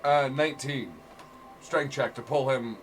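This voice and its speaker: A man's voice: medium pitch, fairly even intonation, measured pace, soft background music, low-quality recording. A man playing in a tabletop game, talking hesitantly with many ums as he works out his moves. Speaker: player.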